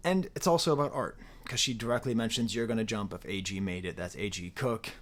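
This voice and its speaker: A man giving a casual, rambling spoken album review, animated and prone to interrupting himself. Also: on the low side, a little fast. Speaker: music reviewer.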